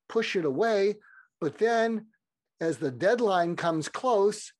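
A man's voice: on the high side, a little mellow, dry recording. A man telling stories as a podcast guest, meandering and restarting his sentences. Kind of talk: casual rambling storytelling.

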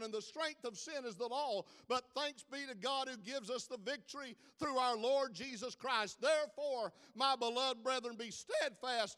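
A preacher with a very high, bright voice delivering a sermon. He builds from quiet storytelling to dramatic loud peaks, and his words ring out with a long hall reverb. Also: clean tone. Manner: preaching with dramatic rises in volume.

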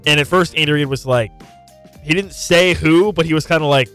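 Male sports talk co-host, higher voice, pushes back and debates, light music bed under him. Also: a little fast, fairly bright tone, clear, resonant tone. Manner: argumentative, questioning, retells anecdotes.

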